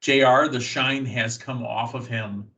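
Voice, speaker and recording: A man from the United States hosting a wrestling news podcast, chatty and filling pauses with uh and you know. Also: mid-range voice, fairly even intonation, bright, forceful tone, slight background noise, low-quality recording. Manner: chatty, thinks aloud with many fillers. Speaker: podcast host. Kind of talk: casual wrestling news talk.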